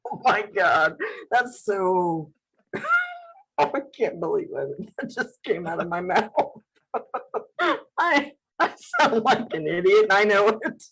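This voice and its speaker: Giggly, breathy woman podcast host. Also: medium pitch, huge pitch swings, slow pace, pauses often, a bit bright, poor audio. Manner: giggly, self-mocking, trips over words. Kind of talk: casual chat.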